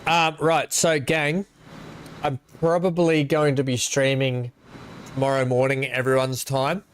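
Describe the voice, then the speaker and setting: A man's voice: mid-range voice, flat delivery, measured pace, slight background noise. An Australian man chatting casually to his live-stream viewers while playing, rambling and greeting them by name.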